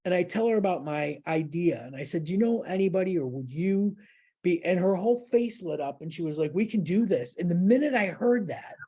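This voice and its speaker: Dark-voiced woman telling a story. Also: on the low side, a little fast. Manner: storytelling, animated, many fillers and restarts. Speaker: podcast host. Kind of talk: casual chat.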